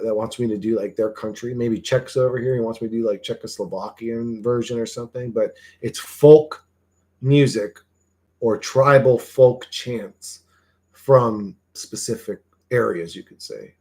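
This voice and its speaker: A man's voice: mid-range voice, darkish tone. A man hosting a livestream, chatting to viewers in a loose, rambling way, swearing casually and trailing off into fillers. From Greek heritage. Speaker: livestream host.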